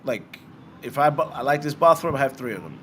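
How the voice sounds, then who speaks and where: A man's voice: medium pitch, fairly quick, slight background noise. Blunt, swearing young man host. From Britain. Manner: blunt, swearing, animated asides. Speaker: bitcoin livestream host. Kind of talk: casual livestream chat answering viewer questions.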